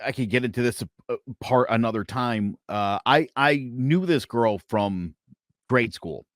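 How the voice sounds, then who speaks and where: A podcast guest speaks a little slowly while telling a personal story in casual chat, swearing now and then. He animatedly acts out other people's lines with big pitch swings, captured in echo-free studio quality.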